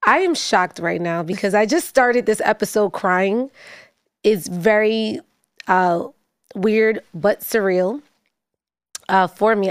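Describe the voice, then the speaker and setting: A woman's voice: medium pitch, slow pace, clean tone, dry recording, clean studio sound. A woman hosting a podcast, talking in a chatty, effusive way with plenty of ums and likes. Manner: effusive, chatty, filler-heavy. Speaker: podcast host. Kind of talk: casual chat.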